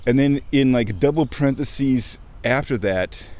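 A man recorded on a handheld mic as he walks outdoors beside a creek, chatting to the camera. He rambles, cuts himself off mid-thought and swears offhandedly. His voice sits at an ordinary middle pitch but swings up high when something delights him. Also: unhurried. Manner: excitable, self-interrupting, swears casually. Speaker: vlogger. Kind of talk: rambling casual monologue.

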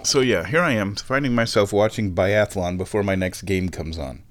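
At a moderate pace and in a lowish voice, the vlogger keeps up a casual, rambling chat while watching sport. He thinks aloud to his viewers, searching for words as he hops from topic to topic.

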